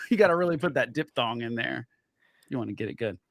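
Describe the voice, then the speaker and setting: A man's voice: medium pitch, expressive, brisk, gravelly, a bit bright, dry recording, clean studio sound. A man co-hosting a political talk show, arguing his point and cutting in on the others. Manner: argumentative, interrupts, talks over others. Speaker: co-host.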